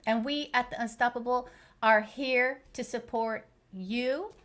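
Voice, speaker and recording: A woman's voice: fairly high pitch, steady tone, measured pace, a bit bright. A woman hosting a live stream as a life coach, talking in an earnest, encouraging way with many fillers and restarts.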